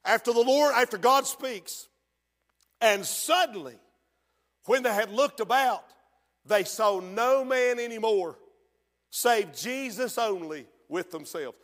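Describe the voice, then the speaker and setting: A man preaching a sermon as pastor, rising to shouted peaks and slowing down on quoted scripture. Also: very high-pitched, animated, in a large hall.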